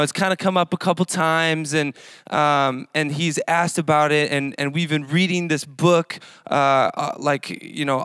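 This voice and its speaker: A man's voice: a little high, fairly bright tone, clean tone, no echo, studio quality. A man in his thirties giving a casual sermon as a young adults pastor, telling a story in a chatty, rambling way with lots of fillers.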